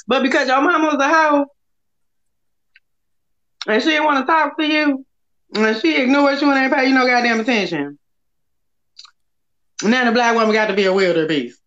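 A woman's voice: high-pitched, fairly bright tone. A woman hosting a casual livestream, talking in a blunt, profane and taunting way. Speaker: livestream host. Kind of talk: heated casual livestream talk. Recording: lo-fi livestream audio.

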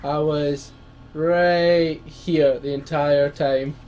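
A man's voice: on the high side, steady tone, very slow, darkish tone, dull audio. A man trading laid-back, teasing banter while playing a co-op game. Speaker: let's play co-host. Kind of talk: casual gaming commentary.

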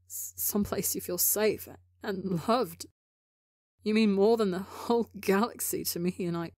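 A woman's voice: mid-range voice, takes it slowly, darkish tone, no room sound, studio quality. A woman reading a desperate, apologetic young man in a story, pleading with stammers and broken restarts. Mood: earnest. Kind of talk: audiobook character reading.

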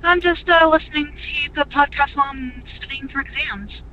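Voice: high-pitched, moderate pace. A young adult calling in to a show, chatting in a friendly, easygoing way. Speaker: caller. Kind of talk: friendly phone-in chat. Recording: dull phone-in line.

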